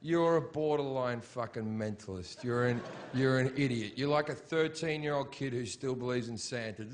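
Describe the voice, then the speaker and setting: A man doing a live stand-up routine on a comedy stage, crude and provocative, swearing constantly and working up into mocking shouted rants. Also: mid-range voice, normal speed, hardly any pauses, a little hiss or hum.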